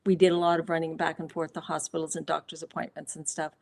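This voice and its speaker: A woman's voice: low-pitched, level tone, fast talker, creaky. A woman author speaking as a guest on a live interview show, candid and reflective, telling personal stories with fillers and restarts.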